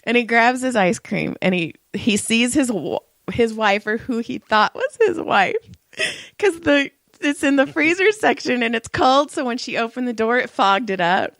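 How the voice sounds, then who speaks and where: A woman's voice: fairly high pitch, lively intonation, moderate pace, a bit bright, no room sound, clean studio sound. Chatty woman with strained voice. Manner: chatty storyteller, laughs often. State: strained vocal cords. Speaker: podcast co-host. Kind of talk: casual chat.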